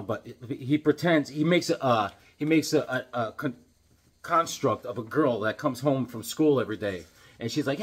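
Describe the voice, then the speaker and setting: Middle-aged male comic reviewer, husky and rambling, casual delivery. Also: medium pitch, normal speed, fairly bright tone. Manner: rambling, repeats and restarts himself. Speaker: comic book video host.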